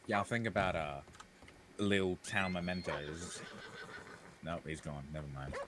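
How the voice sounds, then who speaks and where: Deep-voiced hyper man with a noisy mic. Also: unhurried. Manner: hyper, giggly, sings and breaks into silly voices. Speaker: roleplayer. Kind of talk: casual in-character roleplay chat.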